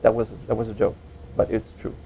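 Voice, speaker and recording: A man teaching a spiritual seminar in a gentle, playful way, joking with his audience and laughing at his own jokes. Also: fairly low pitch, monotone, fairly quick, gravelly, dull audio, a little hiss or hum. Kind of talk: relaxed seminar talk.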